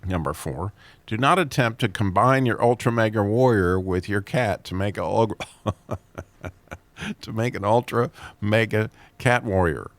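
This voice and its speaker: A man with a low voice reads a string of jokes and funny stories, chuckling at his own punchlines. He jumps up in pitch whenever he quotes a character. The sound is dry and close, with little room around it. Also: measured pace, no echo. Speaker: host.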